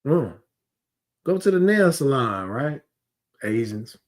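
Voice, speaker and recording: A man's voice: mid-range voice, sing-song, slow pace. A man teaching a scripture class in a heated, conversational way, often asking rhetorical questions and drifting into digressions.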